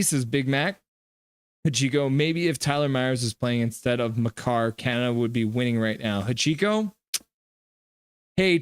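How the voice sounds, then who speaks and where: A man streaming a live reaction, calling plays and reading chat aloud with excitable, jokey trash talk. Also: on the high side, clear, resonant tone, no echo.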